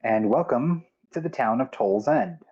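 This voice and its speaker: A man narrating a tabletop game as game master, unhurried and halting. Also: mid-range voice, animated, warm tone, slightly rough, highs cut off.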